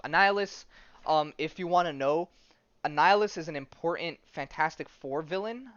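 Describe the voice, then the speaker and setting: Rambling man with a smooth voice. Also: a little high, brisk, fairly bright tone, no echo. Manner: rambling, many fillers and restarts. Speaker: podcast host. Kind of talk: casual chat. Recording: dull, dry sound.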